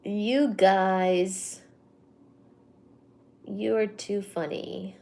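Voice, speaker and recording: This livestream host runs a casual home study stream, chatty and filler-heavy, cooing to her cat in baby talk between subjects. Her medium-pitched voice is gravelly and dark, with a flat delivery and drawn-out words, picked up by her computer mic.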